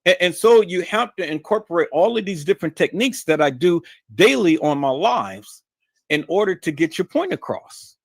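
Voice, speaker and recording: Expressive and at normal speed, with some vocal fry, a man hosts a YouTube live stream, repeating himself to viewers he calls "peoples." He shifts from low muttering to high shouted emphasis in a monologue captured in clean studio sound with no echo.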